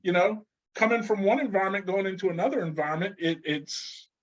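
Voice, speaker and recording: A man with a notably high voice tells stories as a guest, laughing and restarting as he goes. The audio is slightly muffled and lo-fi. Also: a little fast. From New Orleans. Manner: animated storyteller, laughs often, many restarts. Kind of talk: casual conversation.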